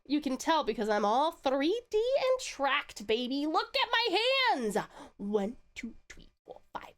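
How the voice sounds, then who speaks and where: A woman's voice: high voice, measured pace. A woman from Tasmania with an Australian accent, chatting playfully on a live stream and greeting viewers. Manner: playful, teasing, bursts of excited squeals. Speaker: VTuber streamer. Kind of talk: casual live-stream chat.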